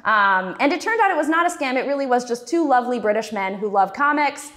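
A woman's voice: on the high side, animated, quick pace, a bit bright. A woman in her twenties giving a talk as a cartoonist, chatty and self-deprecating, with frequent ums. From Texas. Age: 20s. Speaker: cartoonist guest speaker. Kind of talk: festival talk, personal storytelling.

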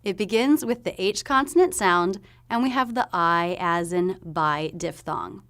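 A woman's voice: on the low side, a bit bright. Woman teaching pronunciation. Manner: clear, demonstrates sounds slowly. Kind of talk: explanatory pronunciation lesson.

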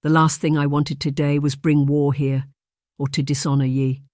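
A narrator voicing a proud, hot-headed young Highland warrior, a man with a Scottish accent who speaks in an impassioned, defiant way. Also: flat delivery, normal speed, a little mellow, dry recording, clean studio sound, close to an everyday voice.

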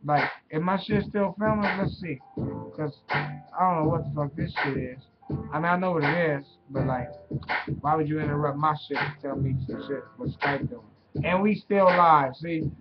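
A man with a fairly high voice delivers a profane, rambling comic rant straight to his webcam. He drifts from bit to bit and laughs at his own jokes. The audio is dull and lo-fi, with music playing clearly behind him. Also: normal speed. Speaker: webcam vlogger.

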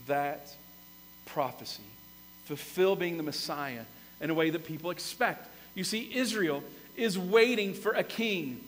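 A man preaching a sermon as pastor, telling the story with lively, animated emphasis that swells to loud peaks. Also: on the high side, normal speed, long pauses, long reverb tail, a little hiss or hum, poor audio. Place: church sanctuary.

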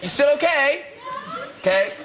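A man hosts a TV chat show, all teasing, camp quips and laughter. His voice sits high and swings up and down. A loud studio audience laughs behind him on a noisy, worn recording. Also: big pitch swings, a little slow, over a noisy crowd. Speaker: talk show host.

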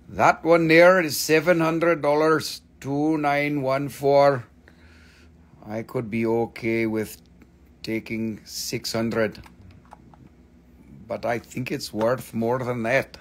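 Excitable, profane crystal seller. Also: male voice, medium pitch, slow pace. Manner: excitable, profane sales patter. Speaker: host selling crystals. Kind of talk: live sales stream.

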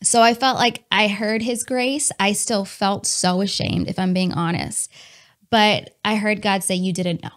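A woman telling a personal testimony in a candid, animated way, talking to her listeners as y'all and laughing between lines. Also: mid-range voice, a little slow. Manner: chatty with many fillers and laughs.

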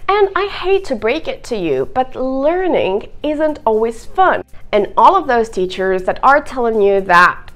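A young woman teaching English to camera in an expressive, playful video lesson. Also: on the high side, unhurried, hardly any pauses. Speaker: English teacher and content creator.

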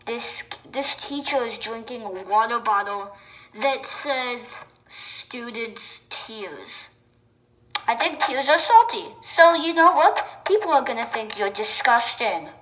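Chatty excitable woman, slow-talking. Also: on the high side, low-quality recording. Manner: chatty and excitable, with sudden loud bursts. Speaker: video creator. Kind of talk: reaction commentary.

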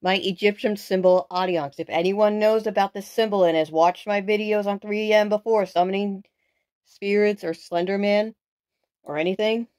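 A woman hosting a casual paranormal challenge vlog, excitable and dramatic, swearing freely as she talks to the camera. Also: mid-range voice, normal speed. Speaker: video host.

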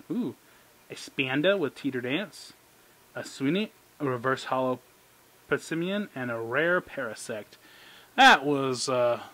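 A man with a mid-range voice talks through card packs in an excitable, rambling way. He breaks into squealing delight and mocks himself in quick asides. He is indoors, under an overhead light. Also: mid-range voice. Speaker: channel host. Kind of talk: casual card-pack opening commentary.

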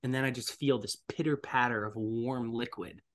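A young man telling a story as a podcast guest, acting out other people's lines in loud, animated bursts. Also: mid-range voice, moderate pace. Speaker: voice actor and stuntman guest.

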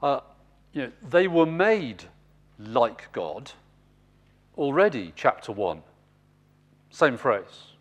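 Lively, emphatic male seminar speaker. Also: mid-range voice, slow, pauses often. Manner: emphatic, explanatory, speaks to listeners directly. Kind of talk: teaching seminar on scripture.

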